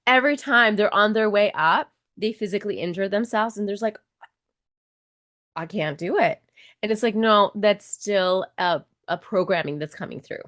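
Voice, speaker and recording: A woman in her twenties or thirties, a coach and nurse being interviewed on a podcast. She talks in an animated, casual way, acts out people's inner voices and swears freely. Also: medium pitch, moderate pace.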